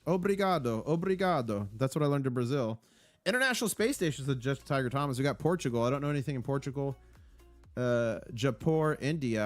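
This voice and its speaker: Upbeat man hosting a live stream. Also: mid-range voice. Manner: upbeat, reading out viewer comments; rambling, with fillers and restarts. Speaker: livestream host. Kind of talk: casual live-stream chat.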